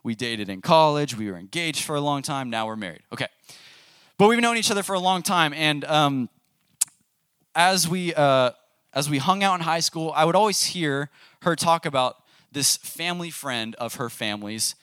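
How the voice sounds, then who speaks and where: Bright-voiced, casual young preacher, dry sound. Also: male voice, on the high side, lively intonation, moderate pace, clear, resonant tone, no room sound. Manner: casual, asks the audience questions. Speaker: youth pastor. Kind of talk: conversational sermon. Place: church youth service room.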